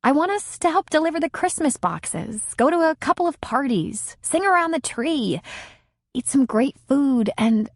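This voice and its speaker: A woman's voice: high-pitched, animated, moderate pace, no room sound, studio quality, voice pushed up. A woman reading as an eager young woman in love. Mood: wistful. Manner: eager, wistful.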